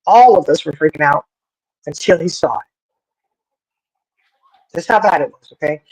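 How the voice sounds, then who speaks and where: A chatty voice spinning a family yarn, folksy and lively, full of little asides. The pitch sits in an ordinary middle range. The sound is close and dry, with no room around it. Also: normal speed, husky, dry recording, poor audio. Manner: folksy, animated, rambling with many asides. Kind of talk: casual storytelling.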